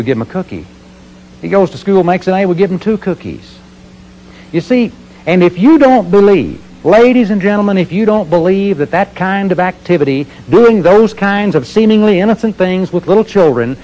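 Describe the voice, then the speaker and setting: A man's voice: high-pitched, darkish tone, low-quality recording. A middle-aged man giving a talk to an audience, telling stories and asking questions he answers himself. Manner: earnest storytelling with rhetorical questions. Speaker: motivational speaker.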